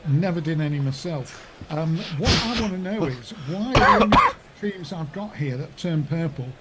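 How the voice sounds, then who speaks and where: A man's voice: on the high side, expressive, moderate pace. A man co-hosting a live sports radio chat, dry and hesitant with his remarks. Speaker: radio co-host. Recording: loud noise with clicks.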